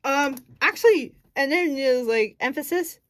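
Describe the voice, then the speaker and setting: A woman's voice: high voice, a little slow, dry recording. A woman casually explaining her acting technique. She thinks aloud, searches for words and corrects herself as she goes. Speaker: acting student.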